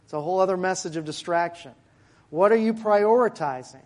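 A man preaching a sermon to his congregation in a church, in a conversational way with asides and quick jokes. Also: fairly high pitch. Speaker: pastor. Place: church sanctuary.

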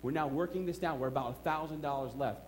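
Man, middle-aged, preacher, emphatic storytelling sermon, church, higher voice. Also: quick pace, a little hiss or hum. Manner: storytelling, emphatic, swings from quiet asides to excited outbursts. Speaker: pastor.

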